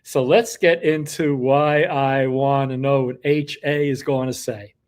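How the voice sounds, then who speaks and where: A man's voice: mid-range voice, steady tone, unhurried, a little mellow, smooth. An older man from New York hosts his own show in a casual monologue, telling rambling stories with wry asides.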